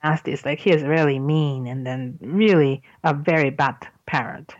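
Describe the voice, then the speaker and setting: Low-voiced woman chatting on a podcast. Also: normal speed, no echo, dull audio. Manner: chatty, laughs often, explains words. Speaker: podcast host. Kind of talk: casual chat, telling a joke.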